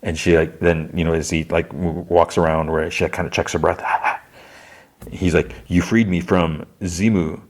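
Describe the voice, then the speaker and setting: A man's voice: very deep voice, monotone, moderate pace, slight background noise. A male podcast host giving a casual, rambling recap, with lots of fillers and restarts. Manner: rambling, loose delivery full of "like" and restarts.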